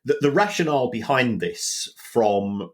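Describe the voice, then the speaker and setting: A man with a South London accent, co-hosting a podcast and explaining football finance in a halting way, often repeating words. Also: mid-range voice, very animated. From South East London. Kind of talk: casual explanatory chat.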